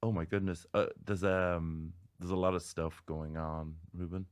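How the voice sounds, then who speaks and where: An Irish man, a comedian guest on a podcast, telling stories in casual, animated chat. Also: sits low, a little slow, clear, resonant tone. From Ireland. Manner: animated storytelling with laughs.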